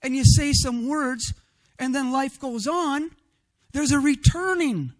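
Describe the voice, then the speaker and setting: Man, preacher, very high pitch, expressive, loud at times, keeps asking "right?". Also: slow. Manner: rhetorical "right?" asides. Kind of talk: sermon.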